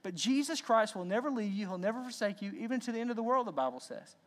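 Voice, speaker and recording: A man preaching a sermon as pastor, animated and repeating words as he acts out lines. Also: high-pitched, fast.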